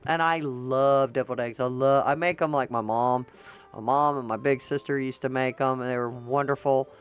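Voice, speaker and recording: A woman's voice: a bass voice, fairly even intonation, moderate pace, smooth, faint music behind. A woman vlogger chatting casually to her viewers about politics and holidays, rambling and using slang.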